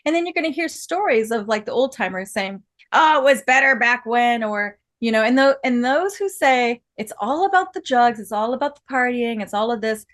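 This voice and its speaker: A woman's voice: on the high side, animated, brisk, hardly any pauses. A woman guest on a podcast, telling stories chattily, laughing often and restarting her sentences. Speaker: guest artist and builder. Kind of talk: casual podcast conversation.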